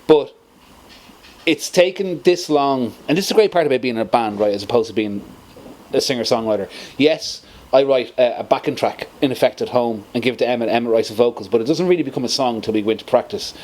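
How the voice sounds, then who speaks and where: A middle-aged man, a band's guitarist, telling stories in an animated way in a casual interview, laughing often. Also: mid-range voice, fast. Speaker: band guitarist.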